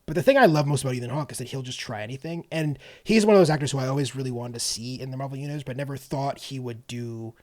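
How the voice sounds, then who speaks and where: A young man co-hosting a casual film and TV podcast, animated and quick to laugh, with frequent restarts. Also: medium pitch. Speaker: podcast co-host. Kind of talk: casual chat.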